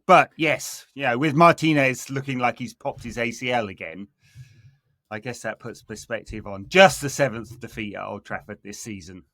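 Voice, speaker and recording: A man co-hosting a football podcast, wry and measured, drifting into asides. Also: mid-range voice, fairly bright tone, no echo. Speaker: podcast co-host. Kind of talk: casual football chat.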